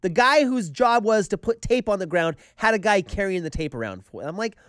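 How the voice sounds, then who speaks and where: A man co-hosting a casual podcast chat, telling stories in an animated way and acting out what people said. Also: sits high, brisk, smooth, dry recording, clean studio sound. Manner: animated storyteller, acts out quotes. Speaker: podcast co-host.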